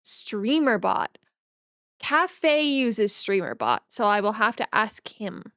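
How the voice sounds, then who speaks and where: A woman's voice: medium pitch, expressive, slow, fairly bright tone, no room sound, clean studio sound. A woman from northern Canada, a streamer chatting casually with her viewers in a rambling, easygoing way as she reads and answers chat.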